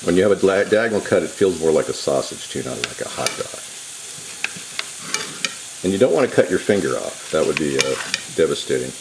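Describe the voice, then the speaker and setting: A man's voice: very deep voice, big pitch swings, a little fast, long pauses. A man hosting a casual home cooking demonstration in his kitchen, rambling into jokey asides as he works. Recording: sizzling pan noise behind voice. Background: frying and sizzling, knife clicks.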